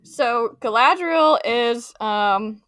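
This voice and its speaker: A woman's voice: on the high side, expressive, extremely slow, fairly bright tone, clear, resonant tone, no echo, studio quality. A woman co-hosting a casual book discussion podcast, chatty with many fillers and playful quoted voices. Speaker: podcast co-host.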